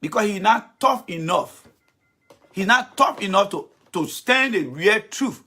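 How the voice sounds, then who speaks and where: A man's voice: high voice, expressive, a little slow, pushed and bright. A man delivering a heated political rant as host, blunt, profane and confrontational.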